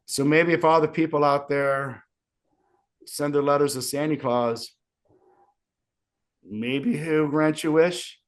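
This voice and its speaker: A man's voice: on the high side, steady tone, slow, pauses often. A young man, a wrestler with sore ribs, rambling and self-pitying in a casual interview. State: sore ribs, wincing in pain.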